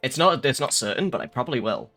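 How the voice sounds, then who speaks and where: A man's voice: mid-range voice, expressive, fast talker, fairly bright tone, faint music behind. A young man chatting casually on a live stream, rambling and swearing with lots of fillers.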